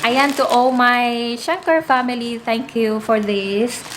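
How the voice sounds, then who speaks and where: A woman's voice: fairly high pitch, steady tone, takes it slowly, noisy background. Teary Filipino woman vlogging at home. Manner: chatty, addresses viewers as "mga inday". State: pregnant, emotional and teary. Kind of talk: casual vlog chat in Taglish. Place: home indoors in the Netherlands.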